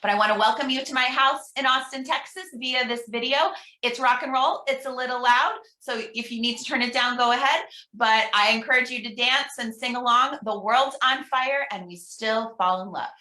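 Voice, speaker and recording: A woman guest minister giving an upbeat all-ages talk in a recorded church service, leading call-and-response affirmations with slow, deliberate pauses. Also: on the high side, sharp tone. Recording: roomy echo.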